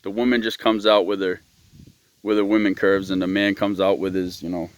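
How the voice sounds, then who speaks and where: A man's voice: low-pitched, little pitch movement, fairly quick, clear, resonant tone. A man hosting his own show, ranting in a blunt, profane, rambling monologue. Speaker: host.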